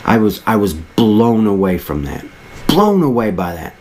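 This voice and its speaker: A man's voice: on the low side, sing-song, unhurried, darkish tone, slight background noise. A man in his thirties telling a personal story in an earnest, reflective way, rambling and restarting as he goes. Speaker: motivational vlogger.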